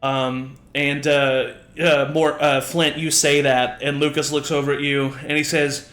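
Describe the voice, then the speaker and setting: A man running a tabletop game as game master, chatting loosely with frequent laughs and fillers. His voice sits a little high and rings in a roomy space. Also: little pitch movement, measured pace, few pauses, fairly bright tone. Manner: casual, laughing, many fillers. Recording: roomy echo.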